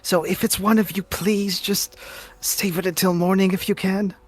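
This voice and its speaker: A man voicing a gentle, fussy male healer who stammers reassurances to a scared friend. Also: high voice, flat delivery, moderate pace, voice pushed up. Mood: apologetic.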